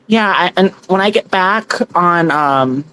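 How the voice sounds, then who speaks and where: A woman with a fairly low, clear and resonant voice speaks at a measured pace with lively intonation. A tarot reader hosting a livestream, she's chatty and giggly, reading out viewer comments in casual chat and warmly thanking people by name.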